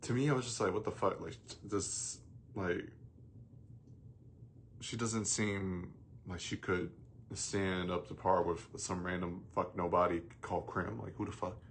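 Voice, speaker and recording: A man talks through a film in a loose, rambling rant, swearing often and trailing off into fillers and restarts. His voice sits on the low side. A faint hum runs underneath the recording. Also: fairly even intonation, unhurried. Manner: bursts into loud mocking jokes. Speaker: movie reviewer. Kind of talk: casual rant.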